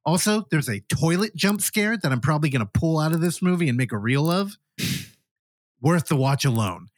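A man's voice: on the high side, lively intonation, normal speed, no room sound, studio quality. A man co-hosting a podcast, casually reviewing a horror film and animatedly acting out the characters' lines as he retells it. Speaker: podcast co-host.

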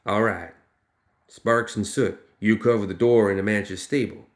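A man voicing a scheming little sharp-toothed male gambler boss who snaps orders in folksy backwoods slang. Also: fairly low pitch, steady tone, normal speed, lightly acted.

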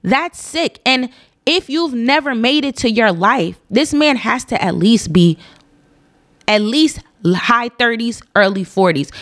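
A woman telling a personal story in a casual, animated monologue, stressing her points by repeating them. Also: a little high, no room sound, clean studio sound. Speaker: storyteller recounting a personal incident.

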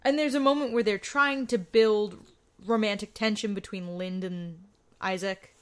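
A woman's voice: mid-range voice, normal speed. A woman co-hosting a podcast in a casual movie review chat, with dry, critical remarks. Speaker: podcast co-host.

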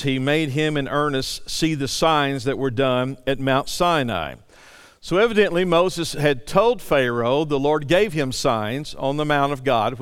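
A man's voice: medium pitch, clean tone, in a large hall. A male pastor preaching a sermon, reading scripture aloud and then explaining it with small restarts.

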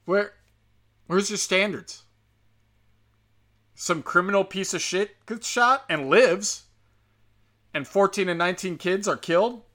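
A man's voice: high-pitched, slow, long pauses, pushed and bright. A man delivering a heated, profane, sarcastic monologue straight to his listeners, mocking and scolding them. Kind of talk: ranting monologue.

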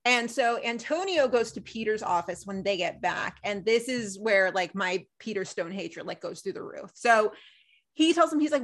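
A woman's voice: mid-range voice, expressive, moderate pace. Ranting, emphatic woman podcast host. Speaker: podcast co-host recapping a TV episode. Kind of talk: casual chat.

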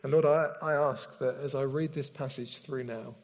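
Earnest preacher in a reverberant church hall. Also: male voice, mid-range voice, steady tone. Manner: earnest, slows down and softens in prayer. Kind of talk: sermon with prayer and scripture reading. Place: church hall with screen behind speaker.

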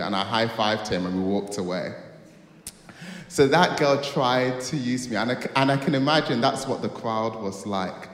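Male pastor, mid pitch, animated storyteller, recorded in a reverberant church hall. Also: normal speed. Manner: storytelling, acts out dialogue, dramatic outbursts. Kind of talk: sermon. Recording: echoey hall with long reverb.

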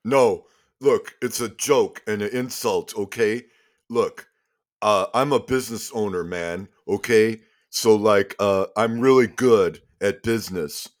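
A man's voice: on the low side, a little slow, lightly acted. A man voicing a boorish tavern owner who boasts and trades insults in a comedy sketch. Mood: mocking. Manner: laughs at own insults, boastful. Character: boorish male tavern owner, brash and mocking.

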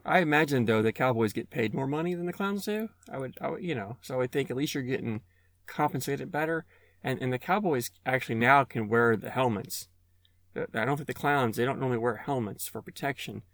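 A man's voice: medium pitch, brisk, a bit bright, no echo. Casting: male host, casual chat, rambling delivery, dry close sound. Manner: rambling, many restarts and fillers. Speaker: podcast host asking questions.

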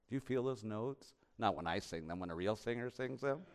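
A man preaching a sermon as pastor, impassioned, swinging from hushed and reflective to loud and urgent. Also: lowish voice, expressive, fairly quick, few pauses, clean tone.

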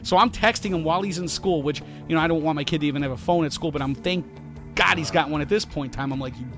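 On a podcast he co-hosts, a man chats casually and spins a long anecdote at a quick clip, with faint music in the background. He's animated, performing the quoted lines with a rising pitch.

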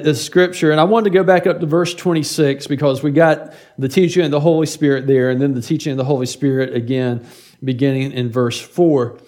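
A man's voice: fairly high pitch, darkish tone. A middle-aged man preaching a sermon as pastor, in a conversational way, often repeating words and asking "right?".

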